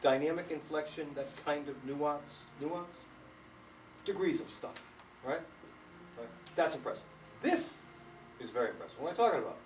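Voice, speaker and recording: A man guest-conducting a school band rehearsal, giving lively feedback and firing rhetorical questions at the students. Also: a little high, moderate pace, long pauses. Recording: distant echoey room recording, dull, noisy.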